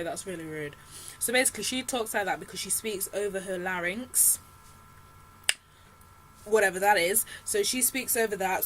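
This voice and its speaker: A woman's voice: medium pitch, slight background noise, poor audio. A young woman vlogging a casual film review, retelling the story in a chatty, slangy way with lots of fillers and asides. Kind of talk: casual chat.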